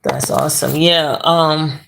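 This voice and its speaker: A slow, drawn-out talker with a gravelly, fry-laden voice, hosting a livestream from bed. The chat rambles along loosely and is broken up by frequent laughs. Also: mid-range voice, steady tone, noisy background. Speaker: livestream host reading viewer chat. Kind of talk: casual live chat. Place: bedroom, lying in bed.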